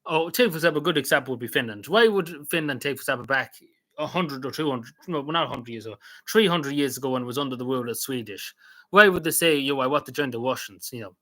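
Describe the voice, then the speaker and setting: A man with a Cavan Irish accent talks quickly on a casual livestream. His voice is bright and tense. He rambles, breaks off and restarts his sentences, and fills the gaps with "um" and "like.". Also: mid-range voice, animated. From Ireland. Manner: rambling, full of restarts and fillers. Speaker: vlogger.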